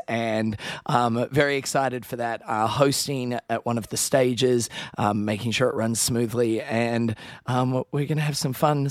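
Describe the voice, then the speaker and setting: A man's voice: medium pitch, no room sound, clean studio sound. An Australian man co-hosting a podcast, chatting casually over a video call and laughing at his own stories. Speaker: co-host.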